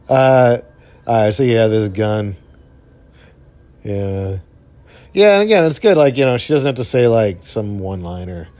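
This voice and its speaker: A young man giving casual, rambling movie commentary while watching, full of fillers and offhand swearing, his voice jumping up when excited. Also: slow pace, long pauses, no echo. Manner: enthusiastic, pitch jumps up when excited. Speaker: film commentator.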